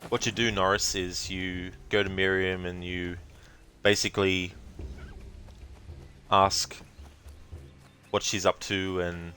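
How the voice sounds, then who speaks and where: A deep-voiced man gives casual, rambling commentary while he plays a video game. He chats loosely and laughs easily. Game music plays faintly underneath. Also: flat delivery, takes it slowly, pauses often, sharp tone. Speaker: streamer.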